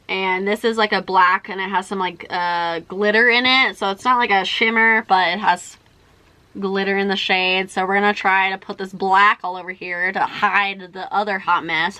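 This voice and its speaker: A woman's voice: medium pitch, sharp tone, dry recording. A young woman chatting while doing her makeup, telling a long story in a rambling, exasperated way with lots of "like" and "freaking". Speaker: beauty vlogger.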